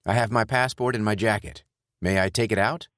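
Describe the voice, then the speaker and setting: A composed former soldier talks his way out of trouble politely and calmly, as a male narrator voices him. The voice is deep, lifted only a little, and recorded dry and close. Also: a little fast, no echo, lightly acted. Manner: calm, polite. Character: calm male ex-soldier adventurer, steady and in control.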